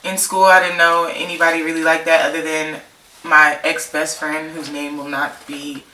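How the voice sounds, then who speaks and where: A woman's voice: sits low, level tone, normal speed, bright, forceful tone, distant mic. A young woman from California telling a rambling, slangy story as a vlogger, laughing often. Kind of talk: casual storytime chat. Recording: roomy, off-mic, faint noise.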